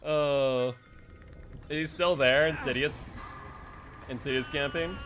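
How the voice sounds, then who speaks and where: An excitable man streams a game live, talking it through in a bright, forceful, fairly high voice at an unhurried pace. He laughs often and jumps to shouting when something startles him. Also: faint music behind. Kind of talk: live gameplay commentary.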